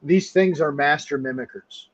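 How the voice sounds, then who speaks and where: A man's voice: on the high side, normal speed, dull audio. A man speaking as a guest in a casual interview, candid and emphatic. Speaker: guest researcher.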